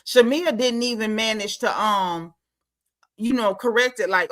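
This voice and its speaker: Woman ranting thru a reality show recap, bright, animated, casual. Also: a little high, measured pace. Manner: animated, emphatic, talks straight to the cast members.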